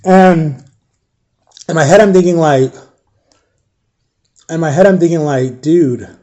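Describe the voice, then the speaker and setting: Young man telling a painful story, halting. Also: on the high side, warm tone. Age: young adult. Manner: halting, repeats himself, acts out quoted voices. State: emotional, near tears. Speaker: survivor telling his story. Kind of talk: personal storytelling.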